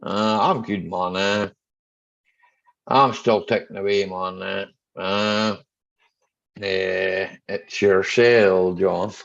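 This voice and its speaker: A middle-aged mechanic hosts a rambling, joking livestream chat, greeting viewers by name. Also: male voice, low voice, fairly even intonation, extremely slow, gravelly, pauses often, fairly bright tone. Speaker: mechanic hosting a live chat stream. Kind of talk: casual livestream chat reading viewer comments. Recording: dull lo-fi stream audio.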